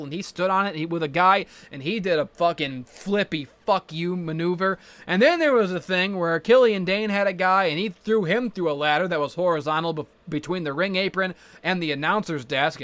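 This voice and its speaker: A man giving a casual, rambling wrestling recap, profane and excitable. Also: high voice, no echo. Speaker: wrestling vlogger.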